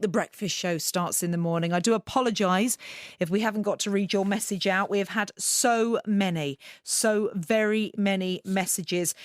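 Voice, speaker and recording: A woman's voice: mid-range voice, no echo. A woman hosting a radio phone-in, sympathetic and indignant in tone, on a close studio microphone. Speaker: radio host. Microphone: close studio mic.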